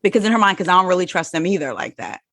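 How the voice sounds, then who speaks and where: A woman in her forties talking candidly in a casual chat, animated and telling personal stories. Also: lowish voice, racing, dry recording, studio quality. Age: 40s. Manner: candid and animated, acts out quoted voices. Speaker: podcast guest.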